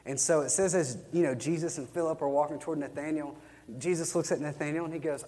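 A man's voice: on the high side, steady tone, quick pace, mellow. Man teaching in a reverberant hall. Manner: conversational storytelling, acts out Bible quotes. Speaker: church teacher on evangelism. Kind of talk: teaching a class from worksheet notes.

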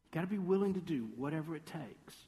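A man preaching a sermon, telling the story in a lively way, acting out quoted voices and slipping in playful sarcasm. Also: a little high, fast. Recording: long reverb of a large hall.

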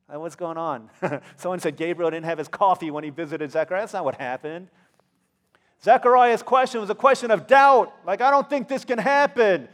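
Brief: American man preaching a casual, animated sermon; fairly high voice, reverberant church hall. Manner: conversational, acts out characters in playful voices. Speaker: pastor.

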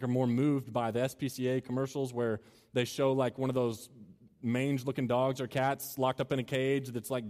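Preaching to students in a big, echoing hall, this campus minister has a mid-range voice with a darkish tone. His manner moves between playful, conversational joking and earnest, building passages.

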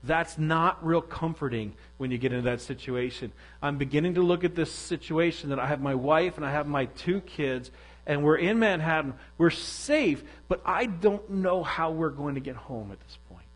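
Man preaching a personal story, higher voice. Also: low-quality recording. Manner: candid, self-deprecating storytelling. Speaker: pastor. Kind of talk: sermon storytelling.

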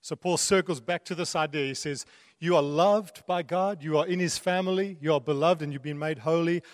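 A man's voice: fairly high pitch, no echo, studio quality, in a large hall. A man preaching a sermon in an earnest way, repeating key phrases and laughing now and then. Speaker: pastor.

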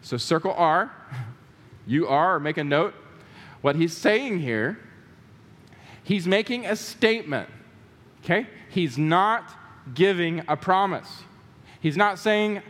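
Emphatic high-voiced preacher. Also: male voice, expressive, takes it slowly, pauses often, a bit bright, in a large hall. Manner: emphatic, repeats key words, asks the congregation questions. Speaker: pastor. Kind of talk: sermon. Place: church sanctuary.

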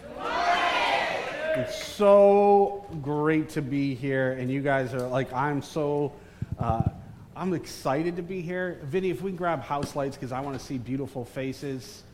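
A man's voice: medium pitch, normal speed. A man preaching to a live church congregation as a guest pastor, joking and teasing the crowd with lots of energy. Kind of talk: live church sermon with banter. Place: large church hall with congregation. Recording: distant reverberant hall, faint room noise.

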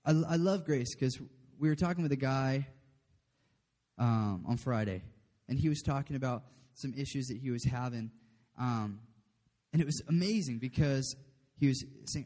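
A man's voice: medium pitch, normal speed, warm tone. A man preaching a casual, chatty sermon, often checking in with the room. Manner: chatty, asks the room "okay?", laughs often. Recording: long hall reverb.

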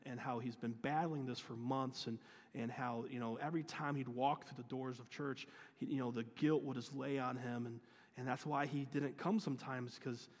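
A man's voice: medium pitch, husky. Earnest man telling a story in a hall. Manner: earnest, with many restarts and quoted dialogue. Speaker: youth pastor. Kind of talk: storytelling sermon.

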